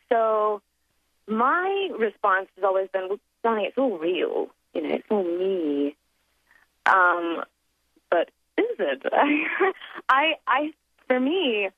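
Heard over a tinny, dry phone line, a woman with a medium-pitched voice and no room sound is interviewed casually as a guest who performs accents. She thinks aloud reflectively and chattily, laughs often, and fills her speech with fillers and restarts.

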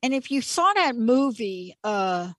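Slow, reflective woman host. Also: fairly high pitch, big pitch swings, no echo. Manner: reflective, emphatic, repeats key words. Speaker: show host. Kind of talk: personal storytelling monologue.

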